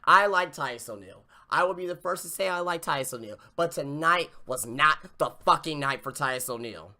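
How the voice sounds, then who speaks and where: A man's voice: a little high, expressive, fairly quick, bright, forceful tone. Swearing, exasperated male podcast ranter. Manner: profane, exasperated ranting. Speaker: podcast host. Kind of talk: casual wrestling review rant.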